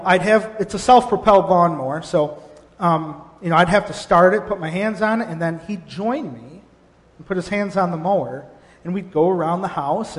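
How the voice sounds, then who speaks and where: A middle-aged man, a pastor preaching a sermon, telling stories in an animated way with frequent restarts. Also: high voice. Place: church sanctuary. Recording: long hall reverb.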